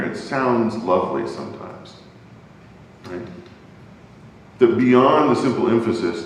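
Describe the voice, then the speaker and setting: In a church classroom, a man leads an adult Bible class conversationally, frequently putting questions to the group. The recording is very echoey, with the mic far away and a faint rumble underneath.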